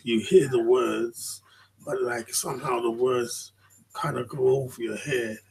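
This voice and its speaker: A man's voice: mid-range voice, normal speed, creaky, a little mellow, breathy edge, low-quality recording. A man vlogging in a rambling, casual commentary monologue, swearing freely and often checking in with the listener.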